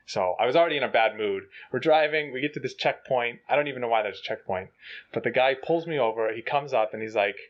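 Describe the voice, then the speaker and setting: A man's voice: mid-range voice, lo-fi sound. A young man telling a funny story in casual chat, acting out the quoted lines with animation. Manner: animated, acts out rapid panicked quotes.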